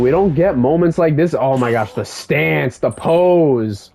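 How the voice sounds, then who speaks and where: A young man giving casual gameplay commentary, excitable and swearing freely as an enthusiastic fan. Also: a little high, unhurried, vocal fry, slight background noise. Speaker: gaming YouTuber.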